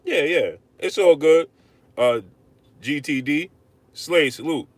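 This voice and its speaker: A man hosting a live-stream boxing rant, arguing hard, repeating himself and shouting out viewers. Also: on the high side, slow pace, no echo. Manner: animated, repetitive, argumentative, shouting out viewers. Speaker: livestream host.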